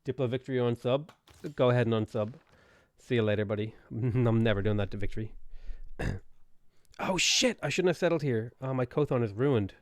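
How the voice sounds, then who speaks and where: A man's voice: medium pitch, brisk, darkish tone, no echo. A man live-streaming a strategy game, chatting playfully and answering viewers' questions as he plays.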